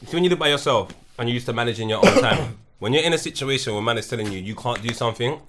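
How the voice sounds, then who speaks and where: A man's voice: mid-range voice, animated, rapid-fire, a bit bright. A man talking earnestly in a casual podcast chat. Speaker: podcast co-host.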